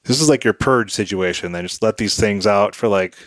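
A man with a low voice hosts a podcast conversation, hedging and circling around his points. The sound is dry and close, with no room tone. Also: fairly quick, no echo. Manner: rambling, hedging, frequent fillers. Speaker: podcast host. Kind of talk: casual podcast chat.

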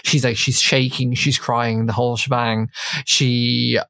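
A woman's voice: rumbling low, measured pace, vocal fry, no room sound. A woman hosting a podcast, recapping a reality show in casual chat and acting out quotes. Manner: animated storyteller, acts out quotes.

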